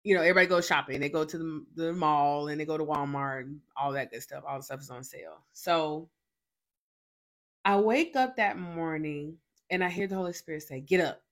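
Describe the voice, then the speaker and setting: A woman's voice: deep voice, brisk, fairly bright tone. A young adult woman hosting a faith show, telling a personal testimony in an emphatic storytelling way, full of repeated fillers and restarts. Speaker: faith podcast host.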